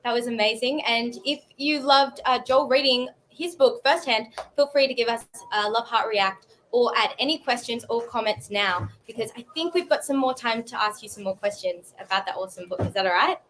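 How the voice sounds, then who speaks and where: A woman's voice: fairly high pitch, brisk, few pauses, a bit bright, a little hiss or hum. A woman hosting a live chat show, bubbly and enthusiastic. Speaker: host. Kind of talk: casual chat.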